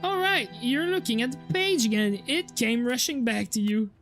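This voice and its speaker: A woman's voice: a little high, expressive, normal speed, a bit bright, soft background music. A young woman with a French accent, streaming and reading a game aloud in a casual way, swearing now and then. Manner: casual, swears, reacts to chat.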